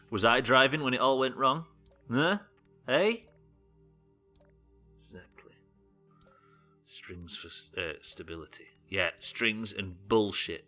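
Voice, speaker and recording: Jokey, lively man bantering on stream. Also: on the low side. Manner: jokey, sweary banter with chat. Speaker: game streamer. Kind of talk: live gameplay commentary.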